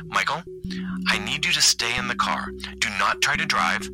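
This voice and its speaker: An actor playing a calm, firm 911 dispatcher who speaks in a businesslike way. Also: male voice, medium pitch, moderate pace, loud music behind the voice, natural voice.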